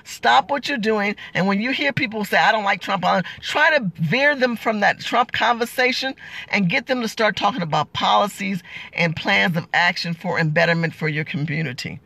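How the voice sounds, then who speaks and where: A woman's voice: medium pitch, creaky, fairly bright tone, no room sound. A woman hosting a political livestream, talking in an emotional, emphatic, preachy way as she answers viewer comments.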